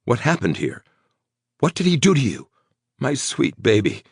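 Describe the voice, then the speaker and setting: A man's voice: mid-range voice, huge pitch swings, moderate pace, slightly rough, no room sound, clean studio sound, voice pushed up, heavily acted. A man voicing a protective, tough man in an audiobook, coaxing and urgent, swearing when angry. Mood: soothing. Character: protective tough man, tender to his girlfriend.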